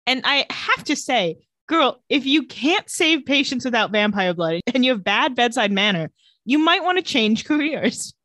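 A woman co-hosting a casual recap chat, sarcastic and quick to laugh. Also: on the high side, sing-song, pushed and bright, no echo. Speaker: podcast co-host.

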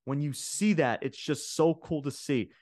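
A man's voice: a little high, unhurried, darkish tone, no echo. Rambling man recapping wrestling, dry mic. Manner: rambling, many fillers and restarts, paraphrases wrestlers' lines. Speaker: wrestling podcast host. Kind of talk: casual show review and recap.

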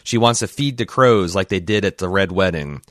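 A man reading aloud as a big, gruff northern man who delivers grim demands bluntly. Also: sits low, moderate pace, no echo, clean studio sound, close to an everyday voice.

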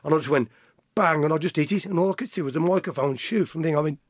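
A middle-aged man, a guest telling an animated anecdote and acting out the voices of others. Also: a little high, racing, dry recording, clean studio sound. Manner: lively storyteller acting out quotes, laughs often. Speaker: guest, former footballer.

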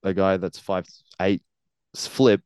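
A man's voice: low voice, fairly even intonation, slow, a little mellow, clean tone, no room sound. A man, a professional wrestler speaking earnestly in a casual interview and laughing often.

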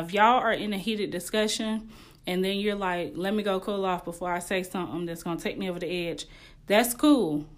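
A young woman hosting a podcast, giving casual relationship advice in a candid, slangy way and laughing often. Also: mid-range voice. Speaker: podcast host.

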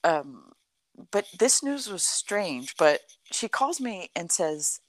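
A middle-aged woman telling a personal story in a conversation, animated and full of "like" and "you know". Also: on the low side, slow pace, no echo. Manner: animated, acts out quoted dialogue, frequent "like" and "you know".

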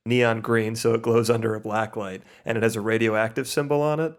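A man's voice: fairly low pitch, fairly even intonation, fairly quick. Jokey man playing a tabletop game. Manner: jokey, detailed describing. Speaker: player. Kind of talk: casual tabletop play.

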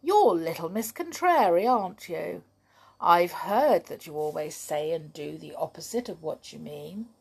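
A woman's voice: lowish voice, lively intonation, measured pace, creaky, darkish tone, husky, heavily acted. Woman doing a cheerful patient little man. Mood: friendly. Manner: friendly, patient and amused.

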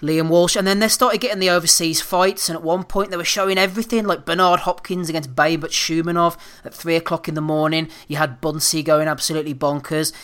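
A man's voice: a little high, fairly even intonation, fast, hardly any pauses, fairly bright tone, clear, resonant tone. A man hosting a casual boxing podcast, swearing freely and moving the chat between segments. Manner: swearing, laughing, runs the segments. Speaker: podcast host.

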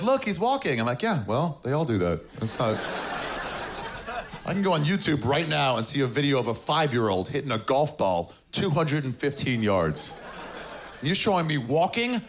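Gravelly sardonic male stand-up comic. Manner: sardonic, acts out characters in high shouted voices. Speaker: stand-up comedian. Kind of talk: stand-up set. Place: comedy club stage with audience. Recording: noisy live club recording.

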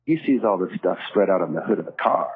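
A man casually telling a story, breaking into lively impressions of the people in it. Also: low-pitched, quick pace, slightly rough, narrow, tinny audio. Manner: animated, acts out the cop's lines.

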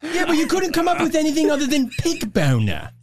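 A man co-hosting a comedy podcast, riffing crassly and excitably. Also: very high-pitched, fairly quick. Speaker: podcast co-host.

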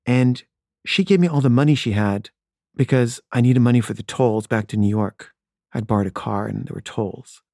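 A man's voice: medium pitch, normal speed, creaky, dark tone, dry recording, clean studio sound. A man telling a candid personal story from his past in a wry, conversational way.

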